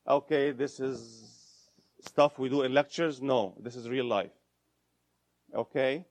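A man teaching a room of listeners, speaking at a slow, deliberate pace. His voice sits a little higher than most men's. He repeats key points and stops to quiz the audience. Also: darkish tone. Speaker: instructor. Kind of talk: interactive lecture to an audience.

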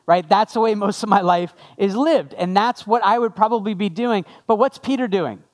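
Male pastor, fairly high voice, casual sermon delivery that draws the congregation in. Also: normal speed, hardly any pauses. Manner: conversational, asks the congregation questions.

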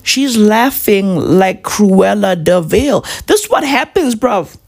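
A man's voice: sits high, big pitch swings, slow pace, gravelly. A man, doing a profane, rambling comic monologue full of "right?" and "bruv". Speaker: comedian vlogger.

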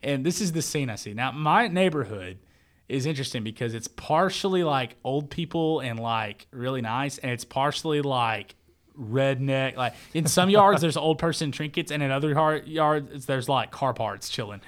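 A man's voice: mid-range voice, normal speed. Man, 30s, church media worker, casual rambling storyteller, medium voice. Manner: animated, rambling, says man and bro.

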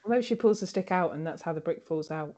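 A woman's voice: lowish voice, fast. A woman co-hosting a casual comedic chat, recapping a TV episode and acting out its characters. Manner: animated storytelling, acting out characters. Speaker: podcast co-host recapping a TV episode.

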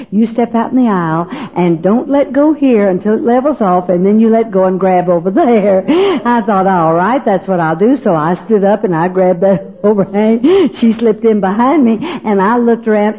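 A middle-aged woman telling a funny story to an audience, animated and laughing, acting out the voices. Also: medium pitch. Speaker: speaker at a women's gathering. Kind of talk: humorous storytelling talk to an audience. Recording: dull lo-fi recording.

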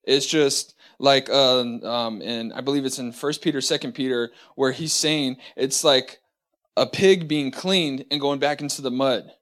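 Halting man teaching a church lesson. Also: medium pitch, a bit bright. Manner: halting, many fillers and restarts; slow deliberate scripture reading.

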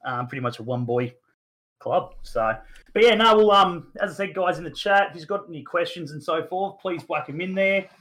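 A man's voice: fairly high pitch, expressive, normal speed, fairly bright tone. An Australian man in his thirties hosting a casual sports podcast, rambling with lots of fillers and the odd mild swear. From Newcastle, Australia. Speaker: podcast host.

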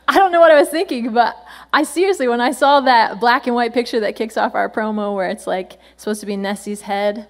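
Bubbly woman pastor, slightly high voice. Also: normal speed. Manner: chatty, playful, laughs often. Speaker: senior pastor. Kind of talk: sermon.

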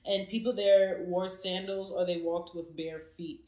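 A woman's voice: lowish voice, unhurried. Woman casually retelling scripture in an echoey room. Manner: animated, joking, retells scripture in slang. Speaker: Bible study host. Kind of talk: casual Bible study chat. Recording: roomy echo.

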